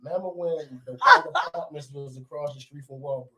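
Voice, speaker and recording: A man with a high voice that swings widely in pitch. He tells stories in an animated, profane way. His delivery is loose and conversational. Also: a little fast, poor audio. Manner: animated, profane storyteller who acts out quotes. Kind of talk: casual storytelling chat.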